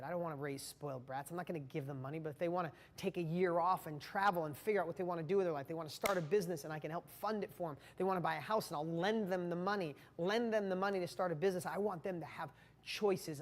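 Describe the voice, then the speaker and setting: A man's voice: fairly high pitch, long reverb tail. A man giving an earnest, impassioned motivational talk, speaking straight to the viewer.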